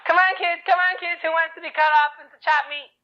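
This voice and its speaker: A man's voice: very high-pitched, fairly even intonation, a little fast, muffled recording, voice pushed up. A man voicing a menacing madman who taunts children in a sing-song way. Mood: taunting.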